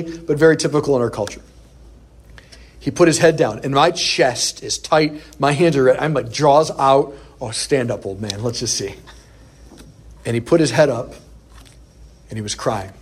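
A priest preaching a sermon, telling a personal story in an animated way and acting out the quoted lines. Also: male voice, mid-range voice, normal speed, husky.

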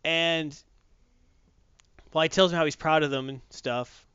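A man casually recapping a movie plot as a reviewer, telling it with animated storytelling. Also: fairly high pitch, fairly quick, clear, resonant tone, dry recording. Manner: animated storytelling with acted quotes. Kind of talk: casual chat. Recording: dull lo-fi dry recording.

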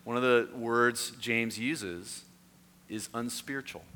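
A man preaching a sermon, telling stories with put-on voices and shouts, then turning quiet and earnest. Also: medium pitch, slow pace. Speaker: pastor. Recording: long hall reverb, faint noise.

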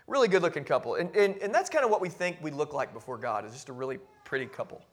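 A pastor with a high-pitched voice delivers a fervent sermon. He drops low and quiet when musing, then climbs into loud, forceful proclamations, tripping over repeated words as his fervor builds. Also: animated, fast talker. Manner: repeats and restarts words when carried along.

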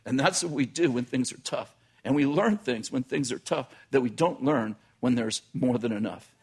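A man's voice: medium pitch, normal speed, breathy edge. A middle-aged man preaching a storytelling sermon, talking conversationally and often restarting his phrases. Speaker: pastor.

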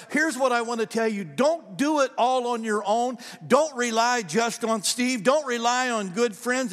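High-voiced pastor preaching in a reverberant hall. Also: male voice. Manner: animated storytelling, repeating phrases for emphasis. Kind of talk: sermon. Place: church sanctuary. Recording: long reverb of a large church hall.

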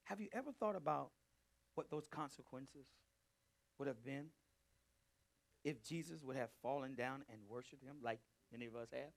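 A man teaching a Bible study, preaching emphatically and calling out to his listeners, swinging between loud and hushed delivery. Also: mid-range voice, normal speed, vocal fry, long pauses. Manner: emphatic, calls out to the group. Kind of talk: preaching to a live group.

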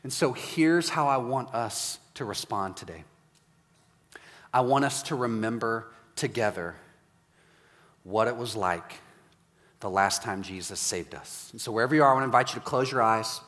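Man in his 40s, pastor: lively sermon storytelling, then quiet reflective prompts, long church-hall echo. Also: mid-range voice, normal speed. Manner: animated storytelling, acts out dialogue, softens to quiet prayer prompts. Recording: reverberant hall.

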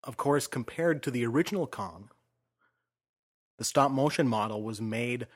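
A man talks through a film at an easy, measured pace. His sentences drift softer as they close. It sounds like a relaxed conversation between two people. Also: medium pitch. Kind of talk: casual film discussion.

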